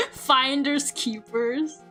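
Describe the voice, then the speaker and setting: A woman's voice: sits high, very slow, sharp tone, faint music behind. A woman chatting casually on her livestream, laughing often and swearing freely. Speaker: streamer.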